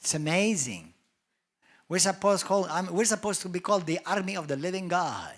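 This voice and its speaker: A male pastor with a Maltese accent preaches in a church, bright and forceful in tone. He drives his points hard and slips into quick voices for the people he describes. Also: high voice, expressive. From Malta. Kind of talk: sermon.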